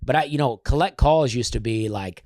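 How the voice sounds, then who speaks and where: A man's voice: medium pitch, moderate pace, a little mellow, a little hiss or hum. A man in a casual interview, telling rambling stories full of restarts and asides. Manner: rambling, self-interrupting storyteller. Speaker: comedian guest.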